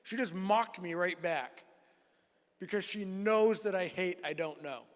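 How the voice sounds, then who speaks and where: High-voiced man telling a sermon story. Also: measured pace. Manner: animated storytelling, acts out dialogue. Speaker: youth speaker. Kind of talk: sermon testimony. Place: church hall. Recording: long reverb of a church hall.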